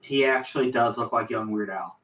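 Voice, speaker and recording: A man's voice: mid-range voice, fairly quick, fairly bright tone. A young man hosting a casual livestream chat while building, joking and crude, often slipping into silly voices. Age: young adult. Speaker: livestream host. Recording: roomy and distant with faint noise.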